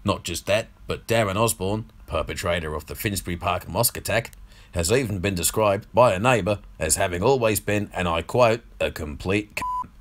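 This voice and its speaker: A crude elderly media baron, as a man puts him on in a put-on Australian accent, sneering and gloating through a comedy podcast monologue. His voice sits on the low side, and his manner is mocking and foul-mouthed throughout. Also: very animated, normal speed, fairly bright tone.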